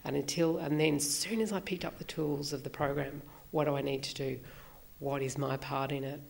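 A woman sharing her personal story at a recovery meeting, reflective and halting, with many fillers. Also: low-pitched, fairly even intonation, vocal fry.

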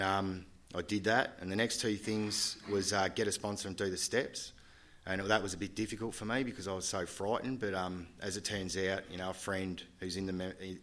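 Aussie guy with a low voice telling his story to a meeting, halting, lots of restarts. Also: fairly bright tone. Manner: candid and halting, often restarting. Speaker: speaker sharing at a recovery meeting. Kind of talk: personal testimony to a group.

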